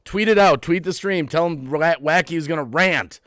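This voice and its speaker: A man's voice: moderate pace, no room sound, studio quality. Worked-up man ranting on a live stream. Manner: worked up, repeats phrases, swings from low to loud. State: agitated, heart racing. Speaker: YouTube channel host. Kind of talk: emotional live-stream rant.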